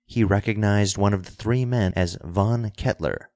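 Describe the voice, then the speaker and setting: Low-voiced male audiobook narrator. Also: measured pace, a little mellow, dry recording. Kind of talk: scripted narration.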